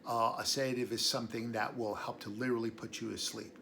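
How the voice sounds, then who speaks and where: A man's voice: medium pitch, level tone, fast talker, gravelly, bright, forceful tone, slight background noise. A man hosting a casual educational talk on herbal medicine, rambling into tangents and chuckling between thoughts. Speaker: herbalist host.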